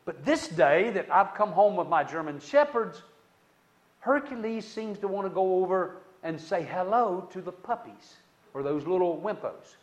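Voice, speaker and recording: A man telling a personal testimony story in a conversational way, with dramatic swings between loud and hushed delivery and many asides to the listener. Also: high-pitched, expressive, moderate pace, dull audio.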